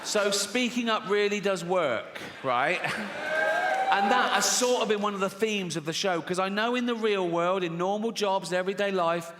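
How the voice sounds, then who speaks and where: A man's voice: high voice, moderate pace, heavy background noise. A middle-aged man doing a brash, sweary stand-up set on a theatre stage, putting on silly voices for characters. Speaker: stand-up comedian. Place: large theatre stage with a live audience. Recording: long hall reverb, faint crowd.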